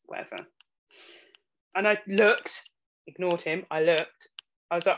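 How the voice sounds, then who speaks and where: A woman who works as an actor, a guest on a casual podcast, telling stories in an animated way and laughing often. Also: fairly low pitch, measured pace, pauses often. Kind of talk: casual interview chat. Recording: slightly dull, faint noise.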